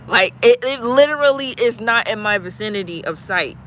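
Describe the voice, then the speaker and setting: A man's voice: high-pitched, expressive, normal speed, pushed and bright, a little hiss or hum. A man hosting his own channel, talking in a loose, musing way with lots of "like" fillers. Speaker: channel host. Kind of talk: casual reflective chat.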